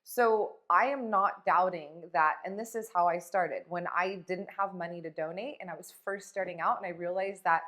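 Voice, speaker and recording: A woman's voice: fairly low pitch, moderate pace, hardly any pauses, pushed and bright. A woman life coach talking in a casual motivational vlog, blunt, profane and emphatic.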